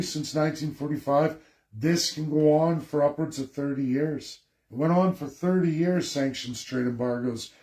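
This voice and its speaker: A man's voice: mid-range voice, a little mellow. A man in a mid-range voice rants about politics to his viewers. He lectures and scolds and hammers his points home with repetition. His voice bounces around an echoey room. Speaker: political commentator. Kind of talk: ranting political livestream.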